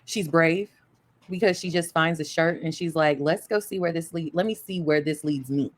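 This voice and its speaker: Mulher de voz grave contando cenas. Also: female voice, sits low, moderate pace. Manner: expressive storytelling, slangy. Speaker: podcast co-host. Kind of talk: casual TV recap chat.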